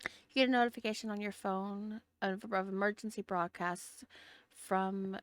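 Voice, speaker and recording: A woman's voice: medium pitch, steady tone, moderate pace, smooth, dry recording, clean studio sound. A woman running a tabletop role-playing game, narrating casually and hesitantly, often restarting her phrases. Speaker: game master.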